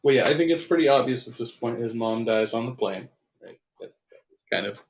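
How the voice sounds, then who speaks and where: A man's voice: medium pitch, brisk, gravelly, slight background noise. A man reading his own first-person story aloud, then chatting casually and self-deprecatingly about his writing. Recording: lo-fi, dull sound.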